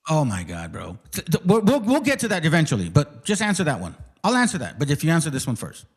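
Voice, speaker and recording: A man's voice: on the high side, huge pitch swings, quick pace, slightly rough. Combative man hosting a heated debate. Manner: combative, interrupting, repeats himself, swears often. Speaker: host of a live debate stream.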